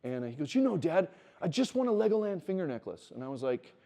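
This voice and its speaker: A middle-aged man with a fairly high voice and quick pace gives a conversational sermon to students in a teaching room at a Christian wilderness school. He tells stories, acts out quoted dialogue and builds to animated emphasis.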